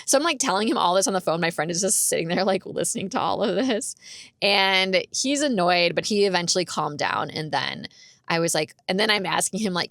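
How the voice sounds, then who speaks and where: A woman's voice: on the low side, expressive, moderate pace, fairly bright tone, no echo, studio quality. A woman vlogger telling a personal story in a chatty, rambling way. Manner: chatty, rambling, many "like"s, laughs while telling. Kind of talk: casual storytelling vlog.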